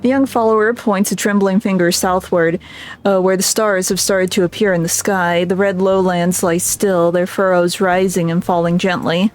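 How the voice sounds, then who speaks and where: A woman's voice: fairly low pitch, steady tone, normal speed. A woman streamer reading a game's story aloud, breaking off for chatty asides. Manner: narrating, with chatty asides and laughs.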